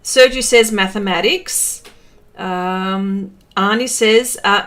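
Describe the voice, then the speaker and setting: A woman's voice: on the high side, animated, takes it slowly, fairly bright tone. A middle-aged woman with an Australian accent, chatting casually on a livestream, laughing often and trailing off with fillers. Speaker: artist livestreaming. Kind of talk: casual livestream chat reading comments.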